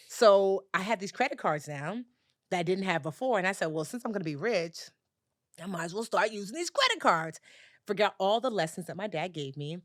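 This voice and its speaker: Animated woman telling a story, dry sound. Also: fairly quick, dry recording. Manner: animated storyteller, acts out dialogue with big pitch jumps. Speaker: personal finance educator, podcast guest. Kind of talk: storytelling in a conversational interview.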